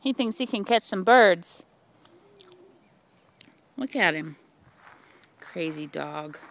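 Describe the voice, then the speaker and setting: A woman's voice: a little high, expressive, slow pace, heavy background noise. A woman filming in her backyard, chatting playfully and teasing her dogs. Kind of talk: casual home video talking to pets.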